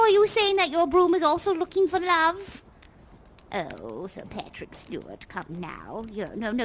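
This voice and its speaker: A fussy, theatrical party hostess gushes through an improvised tour. Her voice sits high and swoops widely with chatty exclamations. She talks into a headset microphone. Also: fairly bright tone, full character voice, low-quality recording. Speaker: live actor guiding a tour in a virtual reality theater show. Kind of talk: improvised live role-play.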